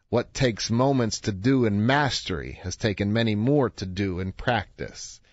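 A man in a radio studio, talking to his listeners in a relaxed, chatty way. His voice sits mid-range and the sound is dry and a little muffled, with no room around it. He acts out the people in his stories as he tells them. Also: medium pitch, no room sound. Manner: conversational storytelling, acts out quoted voices. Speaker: radio talk show host. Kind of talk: radio talk monologue.

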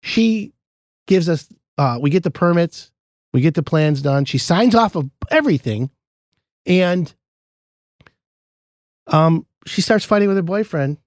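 Host, male, high and very lively delivery, dry close sound, storytelling chat. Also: a little slow, long pauses, no echo. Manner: animated, acts out quoted dialogue. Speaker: podcast host, home contractor.

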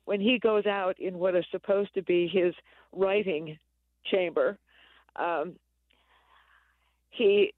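A man's voice: high voice, no echo, phone-quality sound. A man discussing a novel on the radio, reading passages aloud with enthusiasm and chuckling.

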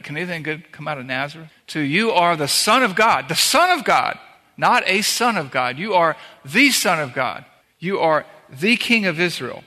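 Bright-voiced man preaching in a hall. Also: a little high. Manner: earnest preaching with emphatic repetitions. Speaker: pastor. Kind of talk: sermon. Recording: reverberant hall.

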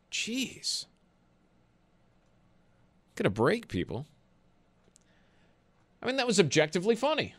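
A man's voice: sits high, wildly swooping pitch, slow pace, pauses often. A man hosting a sports call-in radio show, ranting with exasperation and laughing.

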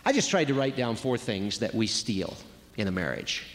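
A man's voice: fairly low pitch, very animated, moderate pace. A man giving a conversational sermon on marriage, acting out quoted voices as he goes. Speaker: speaker at a marriage retreat. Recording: long reverb of a large hall.

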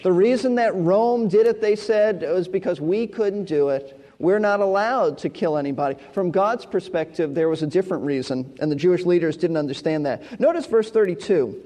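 A man's voice: sits high, normal speed, few pauses, dark tone. A male pastor preaching an expository sermon, emphatic and repeating key words for stress. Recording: long hall reverb.

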